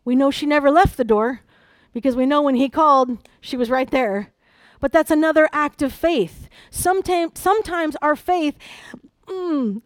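A middle-aged woman preaching a sermon, animated, moving between hushed personal storytelling and loud, emphatic exhortation. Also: sits high, moderate pace, no room sound.

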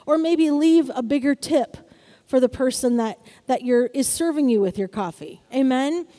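A woman's voice: sits high, moderate pace, mellow, big-room sound. A woman preaching a sermon in an upbeat way, often asking the congregation "Amen?".

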